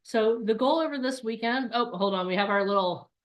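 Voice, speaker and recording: A woman in her forties, a coach giving a lively live online workshop and acting out voices. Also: a little high, brisk. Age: 40s.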